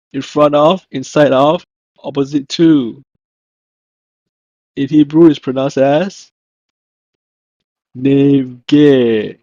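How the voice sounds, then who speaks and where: A man reads out a vocabulary lesson at a very slow, deliberate pace, saying each word and then repeating it. His voice sits at an ordinary pitch. The recording sounds muffled and dry, with no room echo. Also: a little mellow. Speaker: language teacher.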